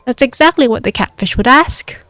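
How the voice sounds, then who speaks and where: A woman's voice: high voice, lively intonation, brisk, a bit bright, no echo, faint music behind, pitched above the performer's own voice. A woman voicing a small fearless circus girl of about twelve, cheeky and teasing.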